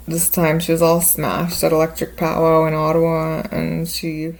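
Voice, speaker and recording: Female podcast host, low voice with vocal fry, rambling casual storyteller. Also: a little mellow, low-quality recording. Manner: rambling, laid-back, many fillers.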